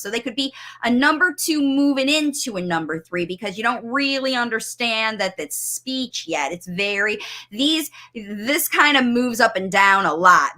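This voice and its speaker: Bright, lively-voiced woman coaching parents. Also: mid-range voice. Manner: expressive, enthusiastic, explains with everyday examples. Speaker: speech-language pathologist coach. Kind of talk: live coaching stream.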